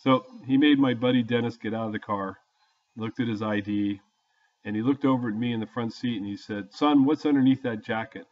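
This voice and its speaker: A man's voice: fairly low pitch, steady tone, brisk. An older man casually telling a story from his youth in a folksy, plain-spoken way. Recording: dull lo-fi audio.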